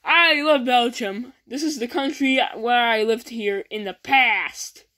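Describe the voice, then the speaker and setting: Slow, high-voiced goofy woman. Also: sharp tone. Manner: goofy, rambling, many false starts. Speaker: creator voicing toy characters. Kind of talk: improvised comedy skit.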